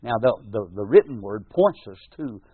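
A man's voice: fairly low pitch, lively intonation, normal speed, breathy edge, no room sound. A man preaching a sermon in an earnest, repetitive manner, often restarting his words and lifting his voice when he quotes scripture. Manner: reads scripture in King James phrasing with rising emphasis. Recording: tinny phone-like sound, dry.

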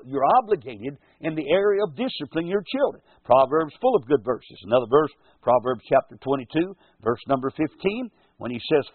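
Animated preacher on tinny old radio. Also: male voice, fairly high pitch, dry recording. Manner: folksy preaching, animated, quotes scripture slowly. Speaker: radio pastor and show host. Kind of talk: radio sermon. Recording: tinny, husky lo-fi radio broadcast.

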